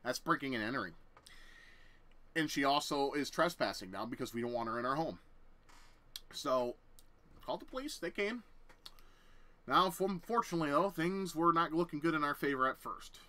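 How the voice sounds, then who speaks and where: A man's voice: a little high, animated, normal speed, long pauses, bright, forceful tone. A young man telling a personal story on his vlog, swearing heavily and talking bluntly. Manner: heavy swearing, heated and blunt. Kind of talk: casual storytelling rant.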